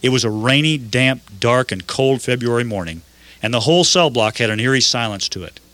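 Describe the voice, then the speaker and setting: An older man narrating a first-person story in an earnest, measured way. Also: mid-range voice, animated, bright, forceful tone.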